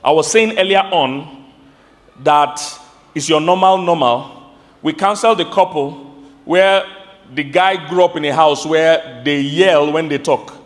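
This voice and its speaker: Nigerian male pastor, high voice, lively live sermon, long hall echo. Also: measured pace. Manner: animated preaching with sudden high-pitched outbursts; asks the congregation questions.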